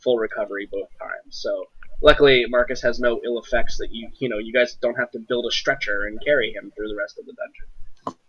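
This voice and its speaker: Husky bright-toned young man, lo-fi. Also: medium pitch, fairly even intonation, a little fast. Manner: rambling, lots of fillers. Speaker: game master. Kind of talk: casual chat over voice call. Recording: dull lo-fi sound.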